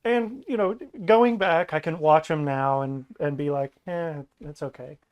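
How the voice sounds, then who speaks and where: Brief: male podcast guest, higher-pitched, animated casual chat, mocking impressions. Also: measured pace, clear, resonant tone, lo-fi sound. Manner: animated, acts out quoted lines in mocking voices.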